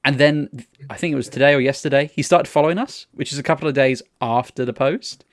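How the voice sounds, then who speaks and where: A man's voice: medium pitch, quick pace. A man co-hosting a casual podcast, telling rambling, sweary stories full of restarts. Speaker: podcast co-host. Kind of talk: casual chat.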